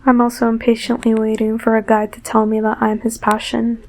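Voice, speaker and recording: A woman's voice: fairly high pitch, monotone, brisk, darkish tone. A woman in her twenties, a book vlogger, giving dramatic, gushing and exasperated reactions while she reads. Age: 20s. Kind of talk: casual live reading reactions.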